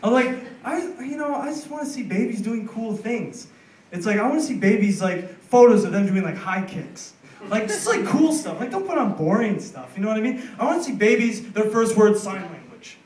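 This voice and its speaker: A young American man performing a rambling, animated stand-up set, acting out voices in his stories. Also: high-pitched, normal speed. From United States. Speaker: stand-up comedian. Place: comedy club stage. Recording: roomy, distant live club recording with noise. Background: audience laughter.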